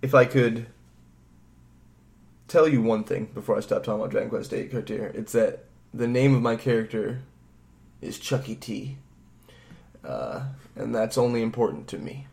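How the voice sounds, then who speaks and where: A man's voice: medium pitch, normal speed, creaky, long pauses, darkish tone. A man co-hosting a podcast, rambling casually about a video game, swearing freely and acting out bits of dialogue. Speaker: podcast co-host.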